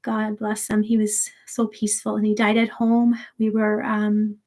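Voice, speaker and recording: A woman hosting a livestream, chatting casually with viewers in a soft, rambling way, grieving and holding back tears. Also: mid-range voice, completely flat delivery, unhurried. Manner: soft-spoken, rambling with many restarts. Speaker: sleep story channel host.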